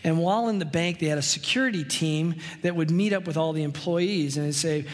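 Conversational pastor with a slightly high voice. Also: male voice, big-room sound. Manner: conversational preaching with anecdotes, slows for emphasis. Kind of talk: sermon.

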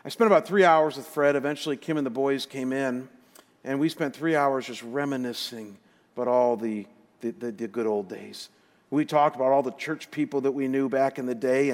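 A middle-aged man, a pastor, telling a personal story in a sermon with animated, emotional retelling and quoted dialogue. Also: medium pitch. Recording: long reverb of a large hall.

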